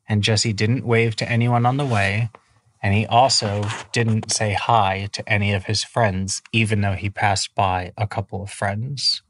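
Male storyteller, low voice, loose improvised kids' tale, dry sound. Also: a bit bright, no room sound. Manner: casual, many fillers, rambling. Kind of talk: improvised children's bedtime story.

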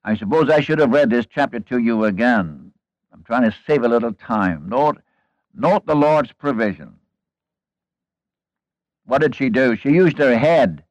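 A man's voice: mid-range voice, dry recording, dull audio. A man preaching a sermon, retelling a Bible story in an earnest, folksy way with rhetorical questions and asides to the congregation.

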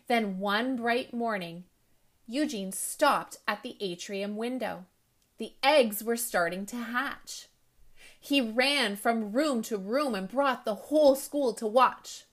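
A woman reading a children's story aloud in a gentle, expressive storybook manner. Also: on the high side.

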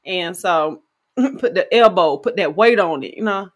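Slangy, animated woman telling stories. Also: lowish voice, unhurried. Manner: animated, slangy storyteller addressing listeners. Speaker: podcast co-host. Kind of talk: casual chat, storytelling.

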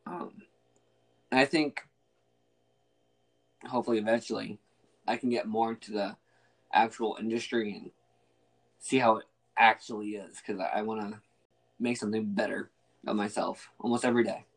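A man's voice: fairly low pitch, normal speed, gravelly, pauses often. Young guy hosting a podcast, just chatting, rambly, lots of um and like. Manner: relaxed, rambling with fillers and restarts. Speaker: podcast host. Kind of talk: casual chat.

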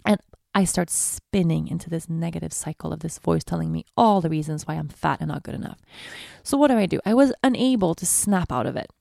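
A woman's voice: low-pitched, expressive, fairly quick, vocal fry, warm tone, dry recording, studio quality. A woman in her twenties hosting a podcast, telling a personal story in a candid, confessional way. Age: 20s. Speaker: podcast host. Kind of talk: personal monologue.

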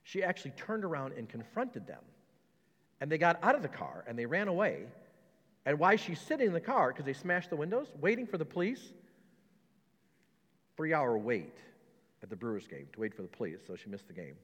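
Male pastor, lively and jokey sermon delivery, big pitch swings, hall echo. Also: a little fast, pauses often. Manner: animated, mocking quotes with laughs. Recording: long reverb of a hall.

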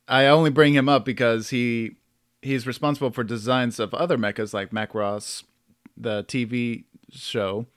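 A man's voice: mid-range voice, steady tone, a little slow, no echo, clean studio sound. A man hosting a casual podcast chat, who laughs often and stumbles over names. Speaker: podcast host.

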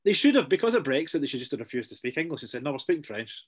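A middle-aged man, chatting casually as a podcast co-host, sardonic and full of quick asides. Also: a little high, sing-song, breathy edge. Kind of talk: casual chat.

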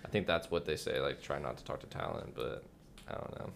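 A man's voice: a bass voice, a little fast, gravelly, a bit bright. A man guest on a podcast, a filmmaker, explaining his craft thoughtfully in casual chat, full of likes and you knows.

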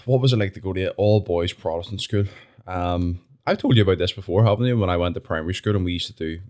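A man's voice: sits low, fast, darkish tone. A young man with a Northern Irish accent, chatting casually as a podcast guest, laid-back and swearing now and then. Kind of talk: casual chat.

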